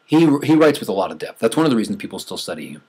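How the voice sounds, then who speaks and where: A man's voice: on the low side, very animated, racing, a little mellow, breathy edge. A man teaching a class in a conversational lecture, restarting phrases and stressing numbers.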